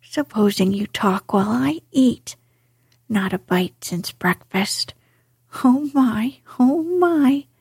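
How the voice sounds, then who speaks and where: Whispered role-play, bouncy excited mole done by a lady, higher and breathy. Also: slow, no room sound, studio quality, full character voice. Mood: hungry. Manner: eager and gushing. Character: cheerful excitable male mole.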